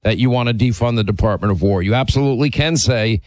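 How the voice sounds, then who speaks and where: A man's voice: mid-range voice, fast, darkish tone, no room sound. A man hosting a political talk radio show, speaking emphatically and repeating words as he presses his points. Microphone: dry studio microphone.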